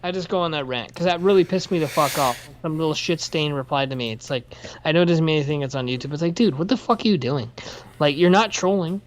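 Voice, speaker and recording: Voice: mid-range voice, quick pace, slight background noise. A podcast co-host in casual chat, ranting heatedly and profanely, then apologizing for the outburst. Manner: apologetic after rants. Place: workplace.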